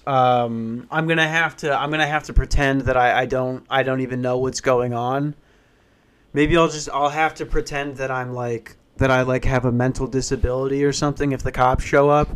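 A man's voice: medium pitch, fairly even intonation, normal speed, clean tone. A man in his twenties hosting a podcast alone from a small back office, rambling and swearing, laughing at his own jokes. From western Pennsylvania. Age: 20s. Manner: profane, rambling, laughing at himself. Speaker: podcast host. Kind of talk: casual podcast rant.

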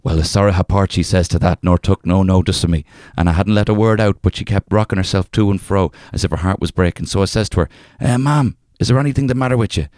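Deep-voiced man reading a folk tale. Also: fast talker, few pauses, a little mellow, no echo, clean studio sound. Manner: reads in a thick old-fashioned storyteller's brogue, breaking off to joke. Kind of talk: casual podcast chat with dramatic reading.

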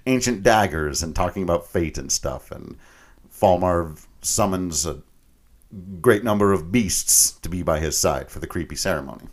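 A man's voice: low-pitched, animated, normal speed. A man co-hosting a podcast, casually retelling a video game story with frequent laughs and mock voices. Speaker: podcast co-host.

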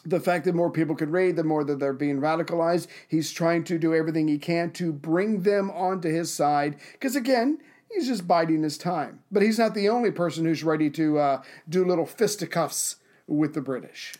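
A man co-hosts a casual history podcast, chiming in with quick reactions and wisecracks. His voice sits slightly high, loose and conversational. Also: a little mellow. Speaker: podcast co-host.

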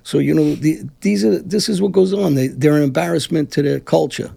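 Gravelly, blunt Brooklyn-born man. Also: a little high, a little fast, dark tone. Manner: blunt, combative, rambling with restarts. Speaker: interview guest. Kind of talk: heated conversational interview.

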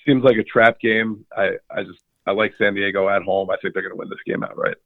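A hoarse man who has lost some of his voice, giving sports betting picks in relaxed, thinking-aloud chat. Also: fairly low pitch, a little fast, no room sound. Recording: phone line.

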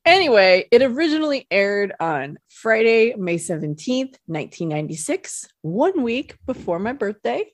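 A woman's voice: a little high, very animated, moderate pace, few pauses, no echo, studio quality. A woman co-hosting a podcast, in her thirties, talking casually with a rambling, giggly manner. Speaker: podcast co-host. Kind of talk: casual chat. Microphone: studio mic.

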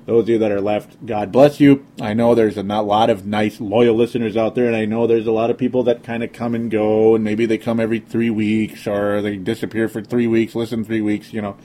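A man's voice: on the low side, level tone, brisk, hardly any pauses, dark tone. Rambling sarcastic man hosting a podcast. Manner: rambling, sarcastic, frequent fillers. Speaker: sports podcast host. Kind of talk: casual sports podcast monologue.

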